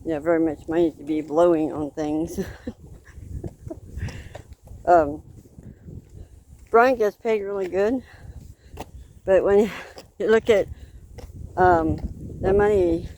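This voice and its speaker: Slow-talking woman vlogging outdoors. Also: on the low side, dark tone. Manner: rambling, chatty, laughs between remarks. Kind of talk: casual chat while walking. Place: outdoors in a park on a cold windy day. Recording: wind noise outdoors.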